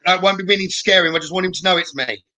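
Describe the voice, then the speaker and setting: Bright high-voiced psychic medium. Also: male voice, very fast. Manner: chatty, relays messages with frequent "okay?". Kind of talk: live-streamed spirit readings.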